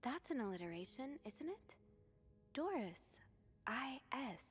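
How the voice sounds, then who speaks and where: A man putting on a high, hushed, half-whispered teasing inner voice. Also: very animated, unhurried, breathy edge, full character voice.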